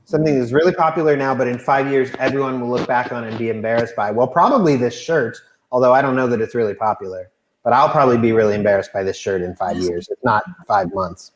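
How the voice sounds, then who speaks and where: A man hosts a casual talk show over a video call, rambling through answers and poking fun at himself. His voice sits mid-pitch and carries the echo of a bare home room. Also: fast, slight background noise. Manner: rambling, self-deprecating, hesitant restarts. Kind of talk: casual chat.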